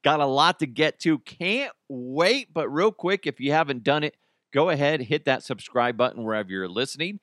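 A man's voice: a little high, lively intonation, normal speed, a bit bright, no room sound, clean studio sound. Rambling, jokey man hosting a podcast. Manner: rambling, jokey, swears freely, laughs at his own jokes. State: slightly sick. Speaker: podcast host. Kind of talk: casual solo news commentary podcast.

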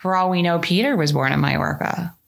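A middle-aged woman hosting a podcast, telling animated stories in casual chat and sometimes putting on a mock British accent. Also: lowish voice, a little fast, creaky. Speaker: podcast host.

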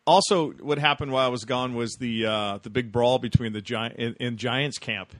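A man co-hosting a casual sports chat, relaxed and asking questions. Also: mid-range voice, normal speed, dry recording.

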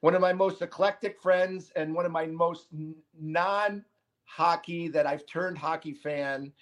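An emphatic man hosts a casual hockey talk show, his voice sitting a little high. He pushes his points hard and often breaks into quick asides. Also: steady tone. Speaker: podcast host. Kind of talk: casual sports chat.

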